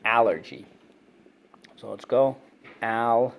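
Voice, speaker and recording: A man's voice: mid-range voice, gravelly. A man teaching a phonics and vocabulary lesson to children, drilling words and praising answers. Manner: brisk, repetitive drilling, prompts and praises listeners. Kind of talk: online reading lesson for kids.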